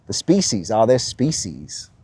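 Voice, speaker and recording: An Australian man hosts a live-streamed talk while walking outdoors by the coast, musing and answering his own questions. His voice is lowish and dark with a breathy edge, big pitch swings, and a measured pace.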